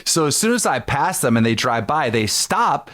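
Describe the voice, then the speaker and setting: A man co-hosting a podcast, telling stories in an animated, profane way and acting out what people said. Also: mid-range voice, normal speed. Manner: animated, profane storytelling with acted-out quotes. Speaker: podcast co-host. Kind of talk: casual podcast chat.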